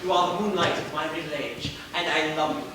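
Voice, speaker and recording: A man's voice: fairly high pitch, fairly even intonation, brisk, close to an everyday voice. A man acting a flamboyant, vain celebrity playwright in a live stage play, with a grandiose, theatrical delivery. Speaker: stage actor. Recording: distant, echoey and noisy theater recording.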